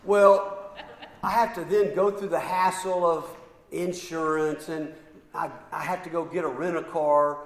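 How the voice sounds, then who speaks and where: A middle-aged man tells a sermon story at an unhurried, halting pace, stacking one clause on the next. His voice sits a little high. It rings through a large, echoing hall with a long tail of reverb. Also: steady tone. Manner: slow, halting storyteller with repeated ands and pauses. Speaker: preacher.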